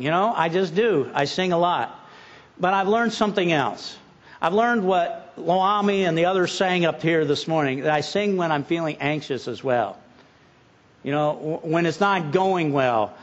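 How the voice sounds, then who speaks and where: A middle-aged pastor with a high, slightly bright voice delivers a sermon in a homespun, conversational style. He frequently stumbles and repeats words when starting sentences, and the recording sounds dull and muffled.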